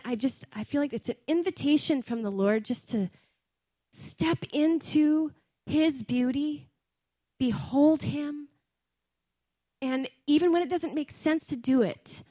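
A middle-aged woman gives a sermon in a voice pitched a little high, earnest and conversational, with casual fillers between her points. The sound is close and dry, with no room echo around her. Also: dark tone. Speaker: preacher.

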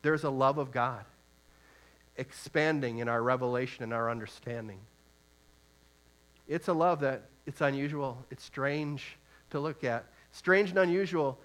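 A man preaching a sermon in an earnest way, reading scripture aloud and asking rhetorical questions, moving from soft, slow reflection to loud, emphatic urging. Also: mid-range voice.

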